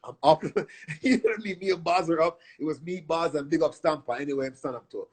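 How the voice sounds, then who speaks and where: A middle-aged man from Canada, telling stories as a guest in a casual interview, animated and profane, acting out what others said. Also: fairly high pitch, fast talker, breathy edge. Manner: animated, profane storyteller who acts out quotes. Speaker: guest artist.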